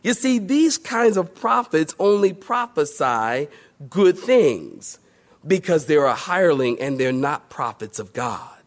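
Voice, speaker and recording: A man preaching through a Bible passage in a conversational way, with playful asides. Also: a little high. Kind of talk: expository Bible teaching.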